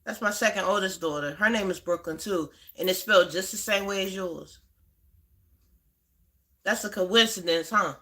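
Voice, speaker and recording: Bright-voiced woman chatting on a livestream. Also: mid-range voice, normal speed, long pauses. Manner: chatty, greets viewers by name, repeats herself. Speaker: livestream host. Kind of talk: casual livestream chat.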